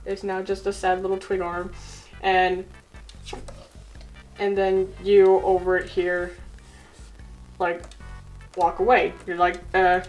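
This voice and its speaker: A woman's voice: medium pitch, flat delivery, takes it slowly, pauses often, faint music behind, poor audio. A woman casually telling a story while drawing, giggling and teasing her friend. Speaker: co-host telling a drawn story.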